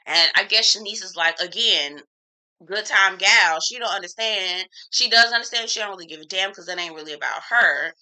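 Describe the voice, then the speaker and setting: A woman's voice: mid-range voice, moderate pace, bright, forceful tone, clear, resonant tone, rough recording. A woman giving a casual, opinionated recap of a reality TV episode, talking frankly with slang and strong opinions. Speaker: TV reviewer.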